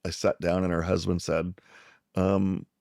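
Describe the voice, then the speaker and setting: A middle-aged psychiatrist from South Texas tells a long personal story as a guest and acts out the voices of the people in it. His voice sits very low and has a rough, gravelly edge. The sound is dry and close, with no room echo. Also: a little slow. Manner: animated storyteller who acts out the people he quotes. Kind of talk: storytelling in a conversation.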